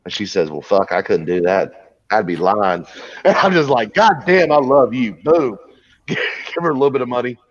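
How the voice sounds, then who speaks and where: A man's voice: medium pitch, lively intonation, moderate pace, no room sound. A man casually telling a long, crude story with frequent laughs and restarts. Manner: rambling, crude, laughing at his own story. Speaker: podcast host telling a story. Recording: dull lo-fi sound, dry.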